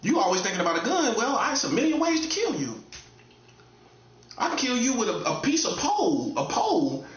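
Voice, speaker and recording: Man, self-styled prophet, casual monologue, emphatic and repetitive, high pitch, dull lo-fi echoey recording. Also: wildly swooping pitch, fairly quick. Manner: blunt and emphatic, repeats phrases, swings between loud highs and low mutters. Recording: echoey room, dull lo-fi sound.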